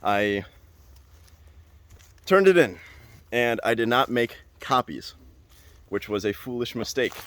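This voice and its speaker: A young adult man hosting a podcast, telling a story in a casual, animated way and repeating phrases for emphasis. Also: mid-range voice, measured pace. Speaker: podcast host.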